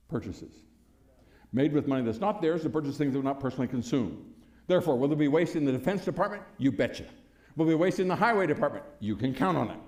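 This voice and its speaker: Older male speaker, slightly high voice, folksy anecdotal speech style with chuckles, reverberant hall. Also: darkish tone. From United States. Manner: storytelling, chuckling, punchy rhetorical questions. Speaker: former congressman giving a speech. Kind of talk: folksy public speech to an audience. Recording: echoey hall.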